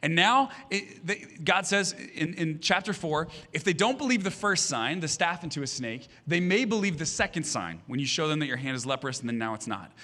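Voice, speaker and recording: A slightly high, animated male voice comes across pushed and bright, brisk and almost without pauses. It belongs to a pastor in his thirties giving a sermon on a church stage, where he tells comic family stories and performs the characters' voices.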